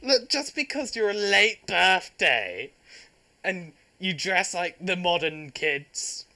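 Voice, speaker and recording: Young guy joking around on a podcast, bright bouncy voice, laughs a lot. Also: high-pitched, sing-song, slow pace, gravelly. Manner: jokey, teasing, laughs often. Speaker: podcast host. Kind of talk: casual podcast chat.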